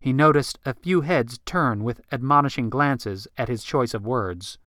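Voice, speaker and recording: Man reading an audiobook, steady pace, middle pitch, super dry mic. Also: dry recording. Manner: even, measured storytelling. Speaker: audiobook narrator. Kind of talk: scripted narration.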